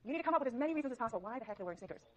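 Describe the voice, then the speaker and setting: A woman's voice: on the high side, expressive, darkish tone. A woman psychology lecturer teaching a university class, coaxing students with frequent okays. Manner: brisk, coaxing, many okays. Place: large lecture hall. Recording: dull lo-fi lecture recording.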